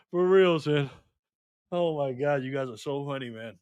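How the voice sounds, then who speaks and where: A man's voice: mid-range voice, normal speed, darkish tone, clean tone, dry recording, studio quality. A man hosting a casual live stream, laughing often and bantering with his chat as he reads their comments.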